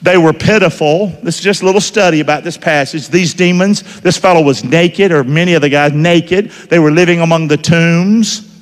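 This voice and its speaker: A man's voice: on the high side, moderate pace. A man preaching a sermon in church, casual and conversational, peppering the congregation with questions. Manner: lively, conversational preaching with call-and-response questions. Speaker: pastor. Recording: long hall reverb.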